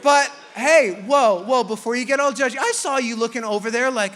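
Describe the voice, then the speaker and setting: A man with a very high, bright, sharp-edged voice preaches to his church, animated and quick to joke as he acts out the voices in people's heads. His words ring out with a long hall reverb. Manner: animated and joking, acting out inner voices. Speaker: pastor. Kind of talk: sermon.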